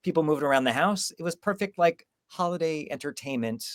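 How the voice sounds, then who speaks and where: A slightly higher-voiced American man hosts a film podcast, telling candid personal stories about watching movies. The sound is dry and close, with no room echo. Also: animated, fairly quick. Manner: candid opinions, personal anecdotes. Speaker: podcast host. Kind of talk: casual film-discussion chat.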